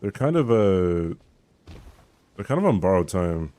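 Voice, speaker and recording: A man's voice: deep voice, big pitch swings, unhurried, warm tone, dry recording. A man streaming a game, chatting casually with his viewers in a rambling way, swearing and laughing as he reads the chat.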